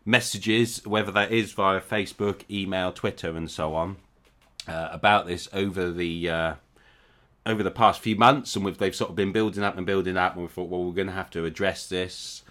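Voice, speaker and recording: Low, bright-voiced podcast co-host man. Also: steady tone, normal speed. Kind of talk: casual chat.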